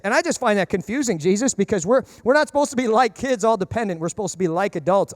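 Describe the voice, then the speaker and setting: Man, pastor, sermon, fast-talking, higher voice, animated, conversational, acts out quotes, dry close sound. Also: dry recording. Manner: humorous asides.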